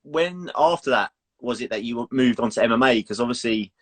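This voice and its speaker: A man's voice: mid-range voice, animated, brisk, a bit bright. A man hosting a casual live-stream interview, asking loose, rambling questions. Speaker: podcast host.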